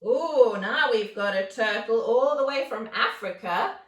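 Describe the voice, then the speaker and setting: A woman's voice: a little high, unhurried, fairly bright tone. A woman teaching a children's yoga class, coaxing and playful, telling a little story as she guides the poses. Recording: roomy echo, mic set far off.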